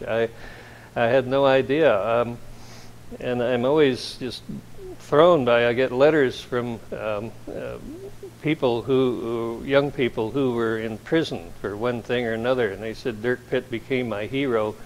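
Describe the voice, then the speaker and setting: A man, an author, speaking to a convention audience and telling rambling anecdotes, chuckling between stories. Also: mid-range voice.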